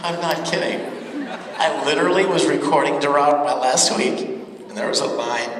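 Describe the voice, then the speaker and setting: A man's voice: mid-range voice, fairly quick. A man speaking as a voice-actor guest at a convention panel, telling stories in a chatty, laughing manner. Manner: animated, laughing, chatty storyteller. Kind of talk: convention Q&A storytelling. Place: large convention panel hall. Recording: echoey hall from far off. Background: crowd and room noise.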